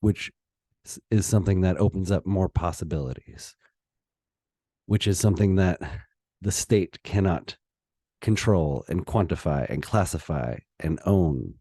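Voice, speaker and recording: A low-pitched man delivers a slow, impassioned opinion monologue, pausing and restarting as his feelings rise. His tone is mellow and dark, and the recording is close and dry. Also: breathy edge, no echo. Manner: impassioned, heated, with pauses and restarts. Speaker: political commentator.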